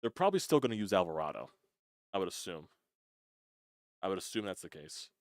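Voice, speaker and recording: A man's voice: low-pitched, big pitch swings, brisk, dry recording, clean studio sound. A young man hosting a sports channel, talking in a frustrated, casual rant, swearing and breaking off words.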